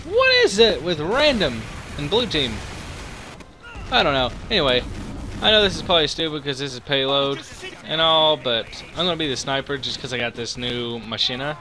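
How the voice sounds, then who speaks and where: Excitable young man narrating gameplay. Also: on the high side, normal speed, noisy background. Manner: excitable, swears a lot, reacts loudly. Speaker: gaming channel host. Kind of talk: live gameplay commentary.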